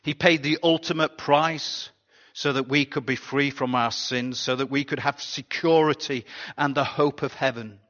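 A pastor giving a sermon in a chatty, conversational way, often asking the congregation rhetorical questions. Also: male voice, fairly high pitch, a bit bright. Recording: dull sound with long hall reverb.

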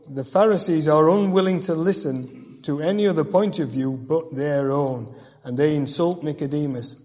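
A man's voice: on the high side, a little mellow. A man preaching a verse-by-verse Bible teaching in a conversational way, with personal asides and rhetorical questions. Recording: dull, reverberant hall sound.

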